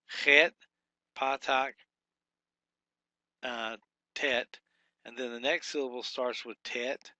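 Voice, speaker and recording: Slow, halting man teaching a lesson. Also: mid-range voice, sharp tone, no echo. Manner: spells out syllables slowly, many fillers. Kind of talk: recorded lesson walkthrough.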